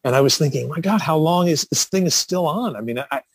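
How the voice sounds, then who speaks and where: A man's voice: a little high, breathy edge, dry recording. A man co-hosting a podcast, chatting easily and agreeing along with his partner. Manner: chatty, quick to laugh and agree. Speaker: podcast co-host. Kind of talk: casual chat.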